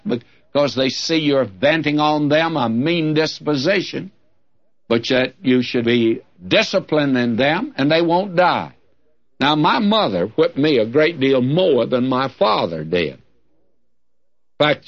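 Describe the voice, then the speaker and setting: An older male pastor preaching a sermon in a folksy, humorous way, reading scripture with emphatic swings. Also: fairly high pitch. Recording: dull lo-fi old sermon recording.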